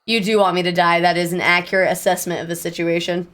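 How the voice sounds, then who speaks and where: A young woman streaming live, chatting casually with viewers in a bubbly, self-deprecating way and breaking into squeaky exclamations. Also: level tone, fast talker, a bit bright.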